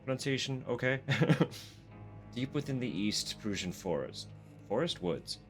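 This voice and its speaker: A man's voice: medium pitch, expressive, unhurried, a bit bright, soft background music. A Canadian man streaming a horror game live, reading in-game text aloud and chatting in a self-deprecating way, swearing and laughing often.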